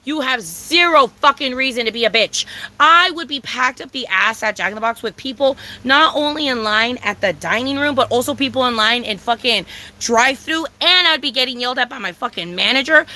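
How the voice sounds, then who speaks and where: A woman's voice: sits high, bright, forceful tone, poor audio. A young woman vlogger telling a rant in a casual storytime style, profane and exasperated, full of "like" and "bro". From San Diego, California.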